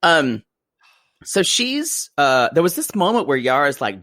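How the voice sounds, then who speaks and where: This podcast co-host has a slightly high voice with big swings in pitch and a fairly bright tone, and he speaks a little slowly. Laughing often, he gossips playfully while recapping a reality show, recorded dry in a clean studio.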